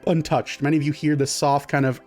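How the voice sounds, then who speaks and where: A man's voice: fairly high pitch, flat delivery, fairly quick, darkish tone, soft background music. A man narrating as game master of a tabletop game, rambling with many fillers.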